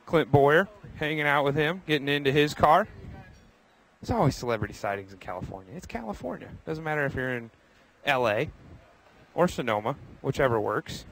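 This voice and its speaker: A man's voice: mid-range voice, animated, a little fast, fairly bright tone, rough recording. A young man hosting a live walking tour of a racetrack garage, chatty and upbeat, speaking to viewers by name while he walks outdoors. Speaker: host.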